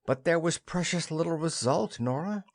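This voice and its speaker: A man's voice: a little high, expressive, moderate pace, dry recording, clean studio sound, pitched above the performer's own voice. A man voicing an indulgent, teasing husband in an audiobook play reading. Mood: fond. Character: husband Helmer, fond, teasing, patronizing.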